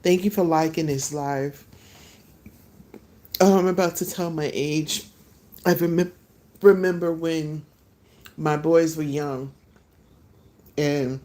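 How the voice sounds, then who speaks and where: Middle-aged woman chatting live from her porch. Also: low-pitched. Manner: relaxed, chatty, laughs often, eating while talking. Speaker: vlogger chatting live with viewers. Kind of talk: casual live chat.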